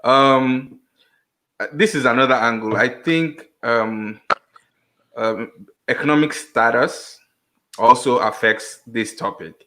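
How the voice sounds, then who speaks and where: Bright-voiced man, hesitant panelist. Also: medium pitch, slow, long pauses, a little hiss or hum, rough recording. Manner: hesitant, many ums, makes a point by example. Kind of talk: online panel discussion.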